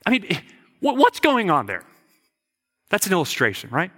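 A man's voice: high-pitched, wildly swooping pitch, moderate pace, a bit bright. A man preaching a sermon, emphatic, posing rhetorical questions and often repeating words as he goes. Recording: reverberant hall.

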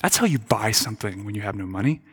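A man's voice: on the low side, expressive, fast, fairly bright tone, husky. A man preaching a sermon as a pastor, earnest and questioning, often repeating words as he stresses a point.

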